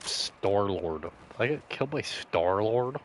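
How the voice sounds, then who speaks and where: A man's voice: on the low side, animated, takes it slowly, slight background noise. A young man in casual gaming commentary, rambling and swearing as he jokes to himself. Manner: rambling, profane, joking to himself. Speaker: streamer.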